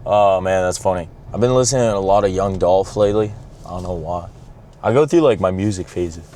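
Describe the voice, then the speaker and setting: A man's voice: sits low, brisk, mellow. A young man vlogging in casual, rambling talk, joking around and swearing a lot as he drives and shops. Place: in a car, then in a shop and at home.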